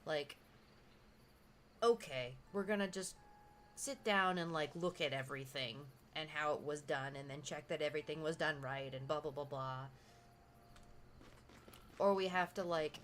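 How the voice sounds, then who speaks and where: A woman's voice: sits low, measured pace, pauses often, fairly bright tone, a little hiss or hum. A young woman streamer chatting casually with her viewers, rambling and reacting to their messages. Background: music playing in the background.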